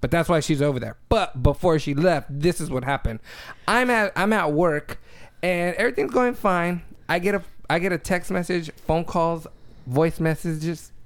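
A man's voice: on the high side, moderate pace. A man hosting a podcast, telling a story casually, cursing and restarting his sentences as he goes. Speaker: podcast host. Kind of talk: casual chat.

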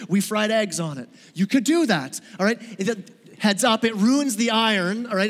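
Male pastor, high voice; conversational sermon with humor and questions to the room; long church-hall reverb. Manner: conversational, joking, asks the audience questions. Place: church sanctuary.

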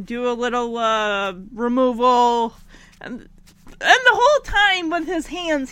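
A woman casually recaps a TV episode, acting out the characters' lines as she goes. Her voice is high and animated. The recording is dry and close to the mic. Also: no echo. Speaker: show recapper.

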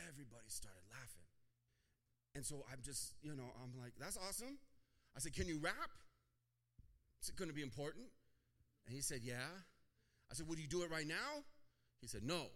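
Man, pastor, sermon, storytelling, conversational, mid pitch, acts out dialogue, emphatic peaks.

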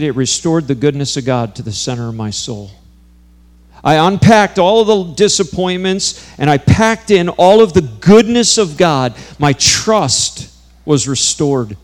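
A man preaching a sermon, telling a personal story in an earnest way that builds to intense, emphatic peaks. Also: on the high side.

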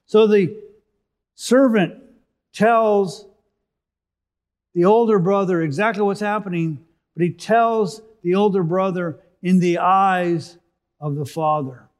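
A man delivering a sermon at a slow, deliberate pace, his voice sitting a little high for a man. He reads scripture and explains it, lifting his voice for emphasis and then letting it fall quiet. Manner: expository, rising for emphasis then dropping softly. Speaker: preacher.

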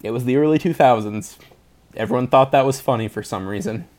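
A man's voice: medium pitch, fairly quick, a little mellow. A young man hosting a podcast, chatting casually, rambling through jokes and laughing often. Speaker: podcast host. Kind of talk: casual chat.

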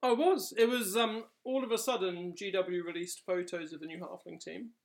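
A man's voice: high-pitched, steady tone, moderate pace, creaky. A young man co-hosting a casual podcast chat, laughing often and teasing his partner in a wry way. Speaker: podcast co-host.

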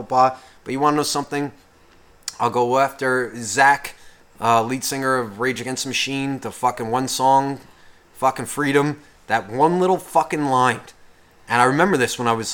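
A young man co-hosting a podcast, ranting in a profane, heated way, swinging between loud outbursts and whispers. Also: mid-range voice. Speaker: podcast co-host. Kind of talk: casual podcast rant.

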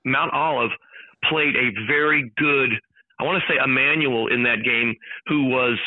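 A man calling in as a sports announcer, telling an excited, jokey story at a rapid clip. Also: medium pitch, dry recording. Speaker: guest, sports play-by-play announcer. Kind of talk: animated storytelling chat. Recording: tinny phone line.

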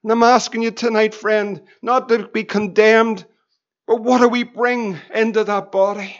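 A middle-aged pastor delivers a sermon in a high, light voice. He stacks rhetorical questions and laughs his way through anecdotes. The recording sounds muffled and lo-fi. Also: flat delivery, a little slow. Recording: dull lo-fi recording.

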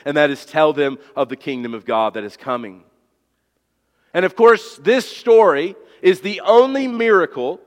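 A man's voice: on the high side, long reverb tail. A male pastor preaching an emphatic sermon, asking rhetorical questions and often repeating his words as he restarts.

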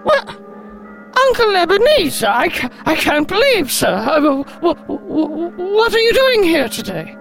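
A man voicing a flustered young nephew in a high, squeaky, stammering falsetto. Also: big pitch swings, a little slow, gravelly, a bit bright, soft background music, exaggerated voice.

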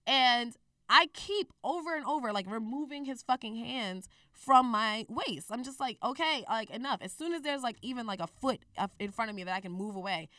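Twenties woman spilling a story, lots of cursing, kinda high voice, mic a bit far off. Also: moderate pace, no room sound, studio quality. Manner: candid, profane, animated retelling. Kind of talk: casual storytelling chat.

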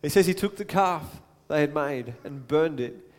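A man's voice: fairly high pitch, expressive, normal speed, in a large hall. A man preaching a sermon in a conversational way, stopping for asides and acting out the quotes he reads.

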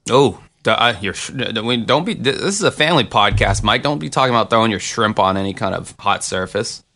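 Bright-voiced man joking around. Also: fairly low pitch, lively intonation, brisk, creaky. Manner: joking, teasing. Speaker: podcast co-host. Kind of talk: casual chat.

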